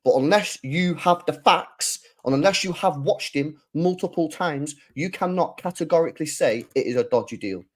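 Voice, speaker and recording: A man's voice: fairly high pitch, normal speed, few pauses. A man hosting a football channel, delivering a heated, sweary solo rant full of rhetorical questions.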